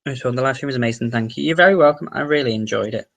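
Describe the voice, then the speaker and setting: Reading his audience's comments aloud one by one, this Wirral-born livestream host replies to each in a fast, chatty way. His mid-range voice carries a Merseyside accent and a gravelly fry, and the occasional swear slips in.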